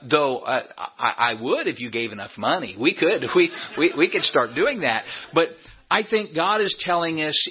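A man with a husky voice preaches to his congregation in a folksy, joking manner, lifting his voice high on points he wants to land. The recording is dull and lo-fi, as if taped from the church sound system. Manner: folksy preaching with rising emphatic peaks and humor. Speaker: pastor. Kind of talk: sermon. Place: church sanctuary.

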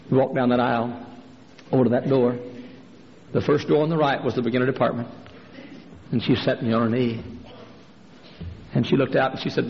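A man's voice: steady tone, brisk, gravelly, long pauses. A man preaching a fiery sermon in a large church, telling stories and acting out the voices of the people in them. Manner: fiery preacher, jumps to a high strained voice for quoted women. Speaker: pastor. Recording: dull, hall reverb, faint noise.

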